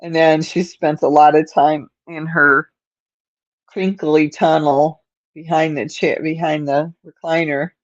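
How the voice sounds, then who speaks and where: A woman's voice: sits low, little pitch movement, slow pace, dry recording, highs cut off. Sleepy, stuffed-up woman livestream host. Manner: rambling, talks to her cat and viewers. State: stuffed-up nose, sleepy and yawning. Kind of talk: casual livestream chat.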